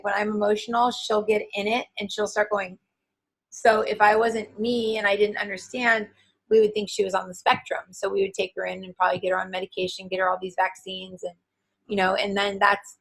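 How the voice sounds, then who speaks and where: A woman in her forties, a guest and author, chatting in an interview in an animated, enthusiastic way with lots of filler words. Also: medium pitch, gravelly, slightly rough, poor audio. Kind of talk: casual interview chat.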